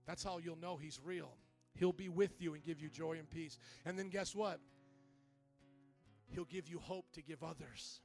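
A male pastor preaching a sermon, building from quiet, measured talk to loud, impassioned calls. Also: a little high, creaky, faint music behind.

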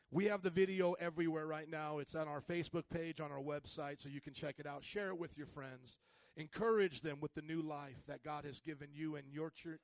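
A man preaching a lively sermon as pastor, slangy and playful, calling on the congregation to respond. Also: a little high, gravelly, dry recording. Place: church service.

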